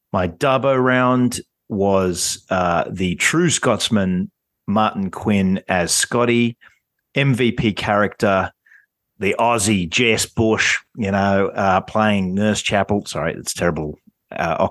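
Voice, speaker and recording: A man's voice: fairly low pitch, no room sound. A man joining a podcast panel as a guest, joking and listing his picks in casual chat.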